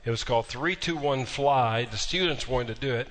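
A man's voice: mid-range voice, normal speed, fairly bright tone. A male pastor delivers a sermon. He tells a story with a dry, folksy humor and drives his points home with emphatic repetition. His voice carries a long reverb from a large sanctuary.

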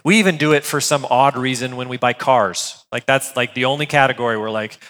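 A man preaching a sermon in a conversational, animated way, reading scripture and then explaining it with everyday asides. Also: mid-range voice, moderate pace, long reverb tail. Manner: conversational, animated, with filler words and restarts. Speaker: pastor.

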